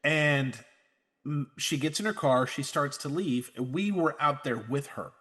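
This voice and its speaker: Podcast host, male, slightly higher voice, animated storyteller who acts out the voices of people in his story. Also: unhurried. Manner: animated storyteller, acts out quotes, laughs often. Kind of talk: casual podcast chat, storytelling.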